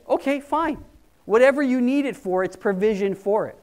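A man's voice: extremely high pitch, expressive, normal speed, clear, resonant tone. A man preaching a sermon in a conversational, emphatic way. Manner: conversational, emphatic, quoting people in put-on voices. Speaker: pastor.

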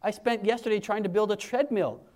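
A man in his forties preaches a sermon with a fairly high voice. He talks in a lively, conversational way, dropping to a hush or rising sharply as he acts out what others say. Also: a little fast. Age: 40s. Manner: animated, conversational preaching, acting out quotes in hushed and raised voices.

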